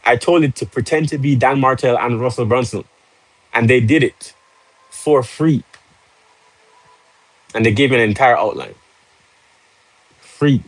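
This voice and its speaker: A man's voice: mid-range voice, a little slow, long pauses, no room sound, poor audio. Salesy man hosting a live stream. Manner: salesy, pushy, laughs easily. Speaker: livestream host. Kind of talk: casual live-stream chat.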